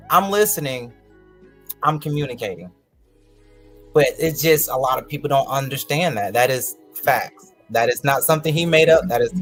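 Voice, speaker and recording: A man speaking as a talk show guest, laughing often and talking loosely with restarts. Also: on the high side. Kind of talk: casual panel discussion.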